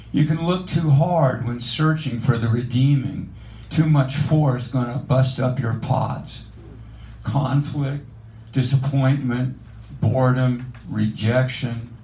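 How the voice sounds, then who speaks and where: A man reading his own poetry aloud in a measured, reflective recitation at a cafe open mic. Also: medium pitch, warm tone, a little hiss or hum. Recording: echoey cafe room.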